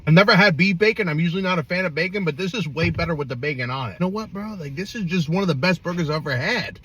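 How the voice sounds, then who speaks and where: A man's voice: on the high side, rapid-fire, fairly bright tone, dull audio, slight background noise. A man from New Jersey reviewing food in a casual vlog, hyped and slangy.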